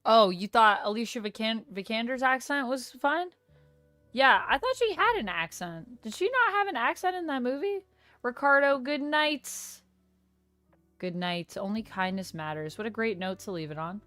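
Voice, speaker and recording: A woman's voice: on the high side, normal speed, no echo. A young woman hosting a live stream, chatting casually with her chat, her voice leaping up on surprised questions. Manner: animated, voice leaps up on surprised questions. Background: faint lo-fi music.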